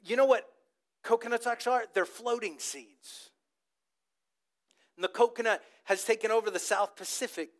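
A man's voice: sits high, moderate pace, pauses often. A man preaching a sermon to a congregation, telling stories with animation and asking the crowd to repeat words back. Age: adult with a child old enough to talk. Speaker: pastor.

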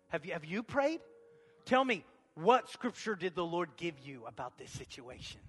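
Pastor, male, high bright voice; sermon delivery swinging between quiet and shouting; church hall reverb. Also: breathy edge. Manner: builds from quiet talk to shouted preaching.

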